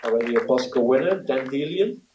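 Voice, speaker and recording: A man presenting an award at a ceremony, speaking haltingly with many filler pauses; recorded in an event venue from a distance. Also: mid-range voice, animated, background noise. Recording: roomy, distant, dull sound.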